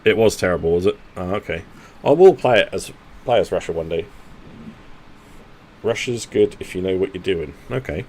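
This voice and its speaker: A man's voice: sits low, expressive, moderate pace, long pauses, darkish tone. Chatty man streaming a game. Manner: chatty, thinking aloud, jokey banter. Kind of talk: casual gaming commentary talking to teammates.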